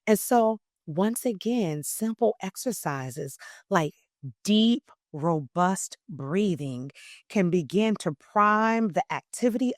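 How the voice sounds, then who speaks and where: A woman voice coach explaining in an interview, teacherly and emphatic, swinging between loud and soft phrasing. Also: lowish voice, no echo, clean studio sound.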